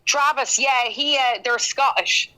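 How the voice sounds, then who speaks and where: A woman's voice: high-pitched, steady tone, unhurried, pushed and bright, low-quality recording. A woman from Ireland with an Irish accent, a singer-songwriter chatting as a guest in an interview, laughing often and talking with plenty of fillers. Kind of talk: casual interview chat.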